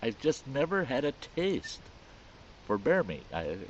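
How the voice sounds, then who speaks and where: A man's voice: mid-range voice, huge pitch swings, unhurried. A man telling a rambling, folksy story about an old friend in a casual spoken style. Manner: folksy, rambling, with restarts and chuckles. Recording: slightly muffled recording with faint hiss.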